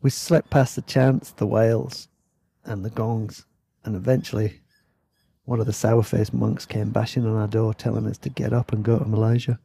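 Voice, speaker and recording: Yorkshire podcast host, dark gravelly voice, loose chatty storytelling, dry close sound. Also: male voice, on the low side, level tone, normal speed, dry recording. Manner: rambling, chatty, self-deprecating asides. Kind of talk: casual travel storytelling.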